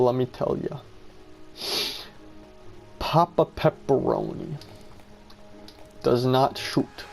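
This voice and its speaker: A man telling a comic story about his role-play game in a deadpan, mock-dramatic way. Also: mid-range voice, vocal fry.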